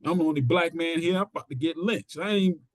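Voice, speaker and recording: A middle-aged man spins a story in a casual interview, slipping into the voices of the people he quotes. His voice sits fairly high for a man. The sound is dry and close, with no room around it. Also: fast talker, no echo. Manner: animated storyteller acting out quotes. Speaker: interview guest, pro wrestler. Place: studio.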